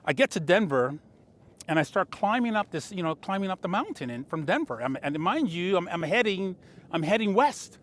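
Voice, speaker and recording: A slightly high-voiced man in his sixties tells a motivational story straight to the camera. He is a longtime car dealer and talks in an animated way, his enthusiasm building as he goes. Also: normal speed, slight background noise. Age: 60s.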